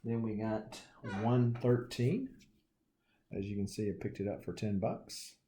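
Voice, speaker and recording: Low-voiced Southern man showing his comics. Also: unhurried, warm tone, slight background noise. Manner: folksy, joking asides. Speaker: comic collector vlogger. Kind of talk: casual show-and-tell.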